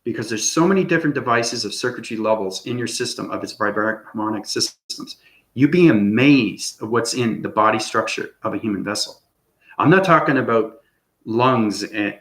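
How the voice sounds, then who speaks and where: A man's voice: lowish voice, a little fast, gravelly, a bit bright. A man giving an unscripted spiritual monologue as channel host, rambling and tagging lines with "okay?". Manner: rambling, repeats "okay?" often. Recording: echoey room.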